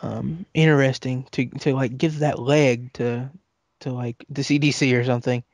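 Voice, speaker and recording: A man co-hosting a casual podcast chat, halting and restarting his sentences and laughing often. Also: mid-range voice, fairly even intonation, no room sound. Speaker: podcast co-host.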